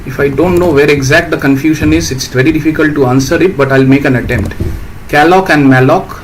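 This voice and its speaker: A man's voice: fairly high pitch, fairly quick, a little hiss or hum, low-quality recording. A man, teaching programming in a live stream and patiently answering viewer questions. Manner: explains patiently, reads out questions, asks "right?".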